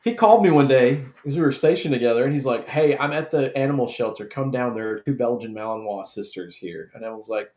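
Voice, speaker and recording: Chatty host in an echoey room. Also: male voice, medium pitch, quick pace, few pauses, darkish tone. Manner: chatty, storytelling, laid-back with swearing. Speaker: host of a live draft stream. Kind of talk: casual chat.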